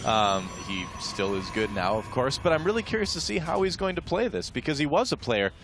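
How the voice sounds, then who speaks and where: A man commentating a strategy game match as a caster, chatty and analytical, filling pauses with "uh" and "um". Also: medium pitch, very animated, background noise. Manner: chatty, lays out past matches and strategy with fillers. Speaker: esports caster. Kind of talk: play-by-play commentary.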